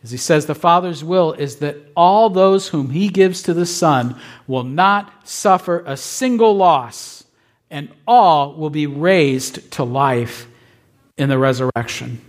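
Emphatic preaching man, higher voice. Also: slow pace. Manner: emphatic, asks the congregation "right?". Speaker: pastor. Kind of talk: sermon.

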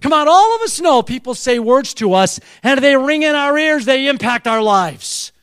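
A man in his seventies preaching a sermon, telling a personal story with animated delivery and calling out to the audience. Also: very high-pitched, normal speed, clear, resonant tone, no room sound, clean studio sound. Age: 70s.

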